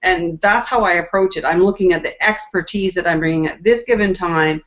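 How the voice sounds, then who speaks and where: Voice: mid-range voice, brisk, a bit bright. A panelist earnestly making a point about self-worth, repeating words for emphasis. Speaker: discussion panelist. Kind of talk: casual group discussion. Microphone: video call. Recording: dull lo-fi video call audio.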